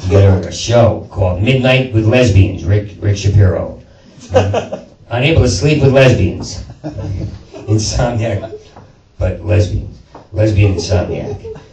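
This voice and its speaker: A man's voice: on the low side, measured pace, dark tone. A man doing a rambling, profane stand-up set with lots of stammered restarts, in a small performance space. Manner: rambling, profane, self-interrupting. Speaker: stand-up comedian. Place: small performance space before a live audience. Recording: roomy live sound from a distant mic with crowd laughter.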